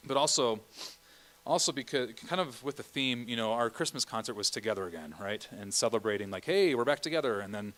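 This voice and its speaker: A man's voice: lowish voice, a little fast, fairly bright tone. Man directing a choir rehearsal. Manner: explanatory, keeps checking in with "okay?". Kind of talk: rehearsal instruction.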